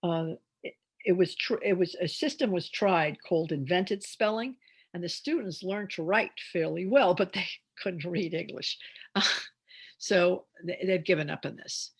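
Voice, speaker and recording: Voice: medium pitch, unhurried, slightly rough. A reading teacher giving an instructional talk on phonics, explaining step by step with chatty asides.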